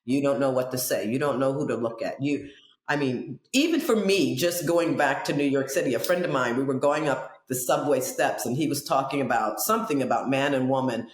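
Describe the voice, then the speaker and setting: A woman hosting a podcast interview, chatting casually and wandering into animated digressions. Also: rumbling low, fairly quick, echoey room. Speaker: podcast host.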